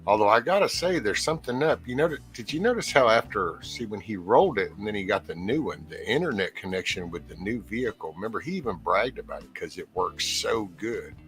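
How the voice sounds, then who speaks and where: A man hosting a casual online chat, joking and riffing in a relaxed way. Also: fairly low pitch, brisk, few pauses, faint music behind. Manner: joking, riffs on tech trouble. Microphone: online call.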